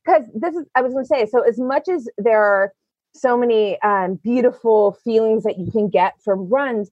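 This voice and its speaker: A young woman hosts a casual podcast chat in a bubbly, giggly way, often losing her thread mid-sentence. Her voice sits high, and the sound is close and dry with no room around it. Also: normal speed, no room sound, dull audio. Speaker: podcast host.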